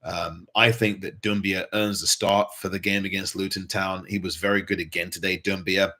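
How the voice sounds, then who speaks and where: A man's voice: low voice, little pitch movement, normal speed, pushed and bright. A man hosting a fan show, giving earnest post-match commentary and repeating points for emphasis. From England.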